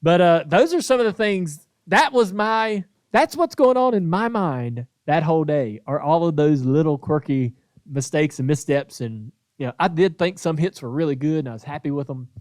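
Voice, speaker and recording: A man's voice: a little high, normal speed, no room sound, clean studio sound. A man, hosting a podcast and telling a story in casual chat, acting out the lines he quotes. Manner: animated storytelling, acts out quoted voices. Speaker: podcast host.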